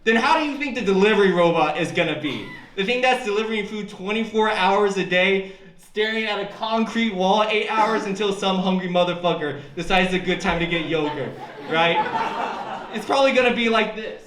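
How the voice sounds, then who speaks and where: A man's voice: high-pitched, brisk, slight background noise. A young man performing stand-up at a college open mic, with a loose, rambling delivery that breaks into shrieking character voices. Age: young adult. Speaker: stand-up comic. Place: college club stage. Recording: echoey room with loud audience.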